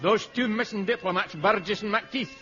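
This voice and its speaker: A grunting, gruff Scottish police inspector in an old radio comedy, giving blunt reports in a fairly high, bright voice. It all comes through a dull 1950s broadcast with faint music. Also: male voice, moderate pace. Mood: deadpan.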